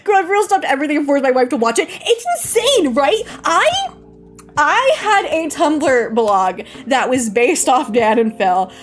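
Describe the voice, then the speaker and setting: A woman's voice: sits high, very animated, unhurried. A woman live-streaming and chatting casually with viewers, giggly and emotional, often saying she is about to cry. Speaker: VTuber streamer. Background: faint background music.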